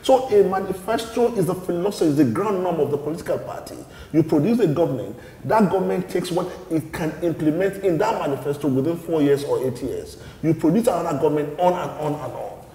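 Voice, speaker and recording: A man speaks as a party spokesman in an interview. His voice is mellow and dark, with even pitch. His answers are measured and explanatory. The room has a long, echoey reverb. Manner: measured, explanatory, repeats words when restarting.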